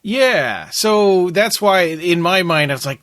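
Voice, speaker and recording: A man co-hosting a podcast, talking in a rambling, animated way about a film. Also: high voice, takes it slowly, no echo, studio quality. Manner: rambling, restarts and fillers, animated. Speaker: podcast co-host. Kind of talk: casual podcast chat.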